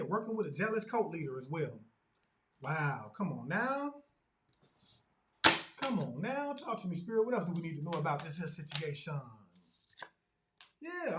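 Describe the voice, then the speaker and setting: A man's voice: high voice, fairly bright tone, a little hiss or hum, poor audio. A man giving a tarot reading as a spiritual medium, talking to viewers in an emphatic, repetitive way and calling on spirit aloud between statements. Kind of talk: channel tarot reading monologue.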